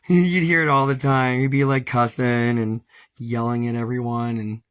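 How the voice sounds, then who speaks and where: A man's voice: mid-range voice, flat delivery, moderate pace, a bit bright, smooth, no room sound. Foul-mouthed man venting, dry sound. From Hawaii. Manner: profane, venting, laughs bitterly between complaints. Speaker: livestreamer. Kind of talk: casual ranting livestream. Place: outdoors walking dogs. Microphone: phone.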